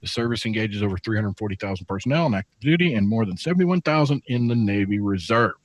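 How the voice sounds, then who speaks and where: A man's voice: fairly low pitch, lively intonation, quick pace, no echo. Middle-aged guy co-hosting, reading off trivia with dry jokes, dead dry mic. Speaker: radio show co-host.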